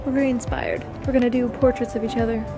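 A high-voiced young woman chatting in a vlog. She teases and giggles through a light back-and-forth. Clear music plays behind her. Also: flat delivery, fast. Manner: teasing, giggly. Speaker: vlog co-host. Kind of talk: casual joking chat.

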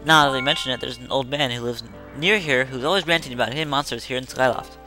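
A man's voice: mid-range voice, fast, music in the background, lightly acted. A man voicing a chatty villager from a video game who gossips about local rumors. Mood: gossipy. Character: gossiping small-town villager.

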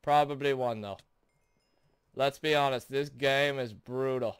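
A young man hosting a gaming video, commentating his own play in frustration, shouting and groaning between sarcastic mutters. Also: mid-range voice, normal speed, clear, resonant tone, no echo. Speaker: gaming channel host. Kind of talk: raging let's play commentary.

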